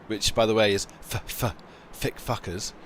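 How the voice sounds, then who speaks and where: A man's voice: fairly low pitch, fairly even intonation, normal speed, fairly bright tone, a little hiss or hum. A man hosting a live sim racing stream, talking in loose, joking banter that trails off mid-sentence and often breaks into laughter. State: just woken up. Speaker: stream host and sim racer.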